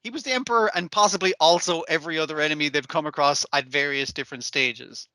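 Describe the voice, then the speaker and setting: A man's voice: on the high side, fast talker, sharp tone, dry recording. A man hosting a podcast in casual chat, swearing freely and acting out characters' lines. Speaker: podcast host.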